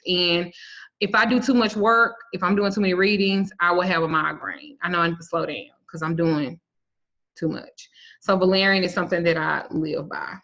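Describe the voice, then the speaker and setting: In a muffled, lo-fi recording, an herbal and spiritual teacher with a fairly low, somewhat bright voice holds a casual herb class online. Her delivery is blunt, crude, and profane, peppered with jokes, and she spells herb names letter by letter.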